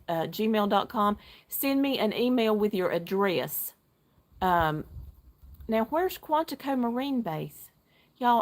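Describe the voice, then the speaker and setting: Middle-aged woman from north carolina, chatty livestream host, gets excited, talking from her deck. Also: medium pitch. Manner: chatty, excitable, greets viewers by name. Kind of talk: casual live chat while knitting. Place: outdoor deck at home.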